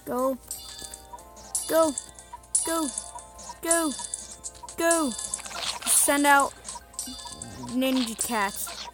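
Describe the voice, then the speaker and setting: A woman's voice: high-pitched, drawn-out words, pauses often. Chatty woman narrating her mobile game. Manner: chatty, self-mocking, bursts of excited cheering. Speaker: mobile game video host. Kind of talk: casual gameplay commentary. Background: game music.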